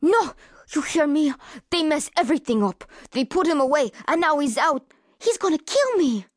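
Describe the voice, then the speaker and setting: A woman's voice: high voice, lively intonation, slow, no room sound, studio quality, full character voice. A woman voicing a terrified teenage girl who whimpers and panics, trembling as she talks. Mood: fierce, desperate.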